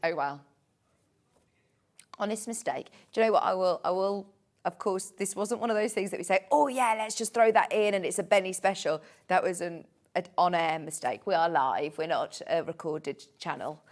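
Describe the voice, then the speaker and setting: A woman's voice: lowish voice, moderate pace. A woman presenting fabrics on live shopping television, chatty and bubbly, laughing often.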